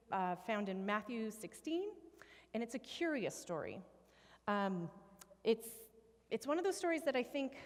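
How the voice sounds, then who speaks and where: Woman preaching in a reverberant church. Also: medium pitch. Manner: conversational, reflective, many fillers and restarts. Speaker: pastor. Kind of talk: sermon. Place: church sanctuary.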